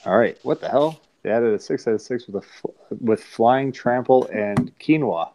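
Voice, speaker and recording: A man's voice: medium pitch, moderate pace, darkish tone, slight background noise. A man joking around playfully during a party card game with friends. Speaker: player. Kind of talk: casual gaming chat.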